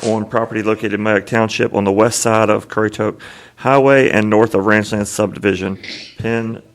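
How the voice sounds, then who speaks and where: A man's voice: lowish voice, steady tone, moderate pace, slight background noise. A man on a county board reading a rezoning motion aloud in a careful, methodical way. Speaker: board commissioner.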